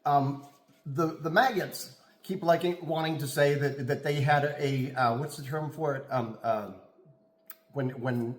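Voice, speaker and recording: A man co-hosts a casual chat, talking in stops and starts as he reaches for the right words. His voice runs slightly high, and it is recorded in a room with a strong echo. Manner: halting, searching for words. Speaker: podcast co-host.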